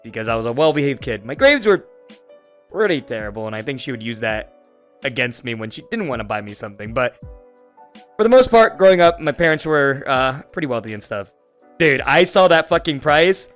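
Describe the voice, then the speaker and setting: A Florida man in his twenties hosts a podcast, chatting casually through a long, rambling story loaded with swearing and filler words. His medium-pitched voice is very animated, brisk and fairly bright, with faint music playing in the background.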